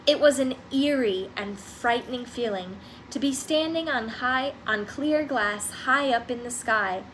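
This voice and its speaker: A woman narrating a children's storybook aloud in a lively, expressive manner. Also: on the high side, unhurried, a little hiss or hum. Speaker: audiobook reader.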